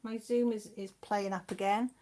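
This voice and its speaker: A woman's voice: mid-range voice, steady tone, normal speed, dark tone. Chatty Welsh woman in her sixties. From Wales. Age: 60s. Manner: chatty, rambling, reads viewer comments aloud. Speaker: channel host reading live chat. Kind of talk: casual live-stream chat.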